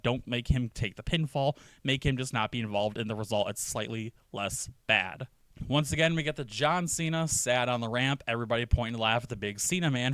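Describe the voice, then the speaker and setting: A man's voice: medium pitch, a bit bright, dry recording. A man giving casual, profane, jokey commentary on a wrestling storyline, acting out short quotes along the way.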